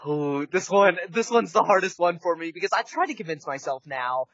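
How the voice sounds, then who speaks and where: A man on a podcast, animated and incredulous, rambling casually about college football bets. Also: high voice, normal speed, no room sound. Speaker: podcast co-host. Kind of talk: casual sports-betting chat. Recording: dry, muffled close-mic podcast audio.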